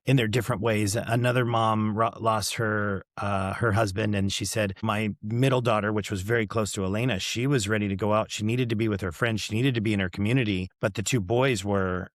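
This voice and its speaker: A man's voice: lowish voice, fairly even intonation, a little fast, hardly any pauses, dry recording, studio quality. A middle-aged man hosting a podcast, telling a story in a rambling, casual way with lots of fillers and quoted dialogue. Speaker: podcast host. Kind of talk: casual chat.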